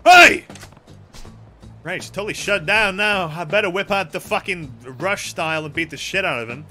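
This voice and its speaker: A young man streams a video game with soft music in the background, swearing constantly, cracking jokes and reading the dialogue out loud. His voice sits high and bright, pushed, and a little fast. It's playful, sweary let's-play commentary.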